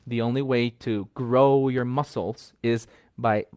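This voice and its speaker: A man's voice: medium pitch, steady tone, unhurried, dark tone, smooth, no echo, studio quality. A man, an English teacher, patiently explaining speaking and pronunciation with examples. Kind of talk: casual explanatory chat.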